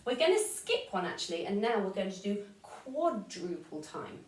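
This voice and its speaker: During an online string lesson, a woman with an English accent counts the rhythm aloud and explains the beats over violin playing. Her mid-range voice swings widely in pitch at a moderate pace, recorded off-mic from a distance in an echoey space.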